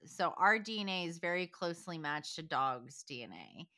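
A woman co-hosts a podcast in loose, casual chat, laughing often and drifting from one thought to the next. Her voice is low-pitched yet pushed and bright, expressive, and at a normal speed.

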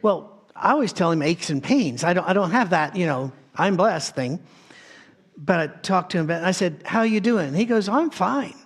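A male pastor delivers a sermon from a soundstage in a slightly higher-than-usual voice. He preaches conversationally, as if telling a story to friends, and often circles back to restart a phrase. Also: lively intonation, a little fast.

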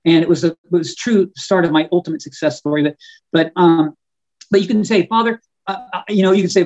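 A man, an author and guest on a podcast, talking in a fervent preaching style, often repeating words and slowing down on key words. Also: fairly high pitch, darkish tone, lo-fi sound. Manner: fervent and emphatic, stretching key words slowly; frequent stumbles and repeated words. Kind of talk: preaching-style conversational talk.

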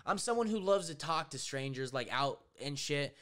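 A man's voice: on the high side, moderate pace. A young man chatting casually on a podcast, cursing constantly and acting out people's voices as he tells stories. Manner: profane, animated storyteller, acts out voices. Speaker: podcast co-host.

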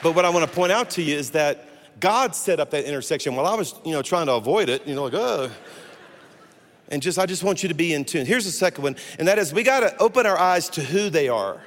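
A pastor telling a lively, jokey story in a sermon, with many restarts. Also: male voice, on the high side, quick pace, a faint crowd. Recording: echoey hall.

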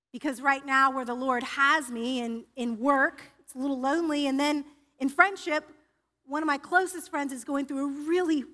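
High bright-voiced woman preacher. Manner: personal, confessional, with frequent restarts. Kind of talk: sermon. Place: church sanctuary. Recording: reverberant church hall.

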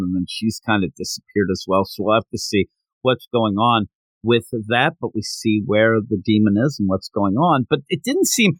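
Brief: male podcast host, casual rambling recap, animated delivery, dry mic. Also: on the low side, moderate pace, no echo, rough recording. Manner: rambling, animated, acts out quoted lines. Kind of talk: casual chat recapping a manga chapter.

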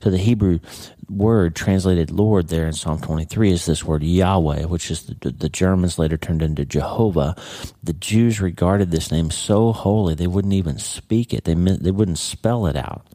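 A man's voice: sits low, normal speed, mellow, no echo. A middle-aged man hosting a podcast, giving a casual devotional talk on reading Scripture, often checking in with "okay?" and "right?". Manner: conversational, with frequent "okay?" and "right?" tags. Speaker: podcast host and Bible teacher.

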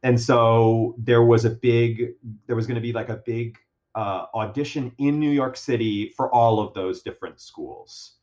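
A young man tells a story in an easygoing chat, full of fillers and restarts, at a mid-range pitch. He's animated and pokes fun at himself. The recording is a bit dull and lo-fi. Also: measured pace. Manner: animated, self-deprecating, many fillers and restarts. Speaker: guest. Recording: dull lo-fi sound.

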